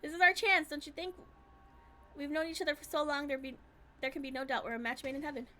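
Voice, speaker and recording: A woman's voice: high voice, steady tone, fast, sharp tone, slight background noise. A woman voicing an arrogant, spoiled young heir who talks down to everyone. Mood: smug. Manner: haughty, smug, condescending.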